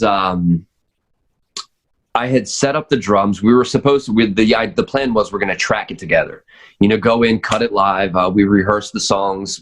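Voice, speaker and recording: A man who is a drummer, chatting as a podcast guest, rambling with lots of fillers and restarts. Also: lowish voice. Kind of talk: casual chat.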